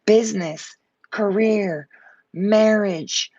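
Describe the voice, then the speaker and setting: A woman's voice: mid-range voice, very slow, a little mellow, dry recording, muffled recording. A woman giving a live tarot reading, blunt and fired up, swearing freely as she talks. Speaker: tarot reader.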